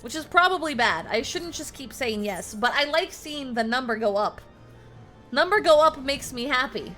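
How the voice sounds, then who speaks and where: A woman streaming a video game, chatting excitedly with viewers, squealing and swearing when surprised. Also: high-pitched, normal speed, faint music behind. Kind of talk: casual live-stream chatter while playing.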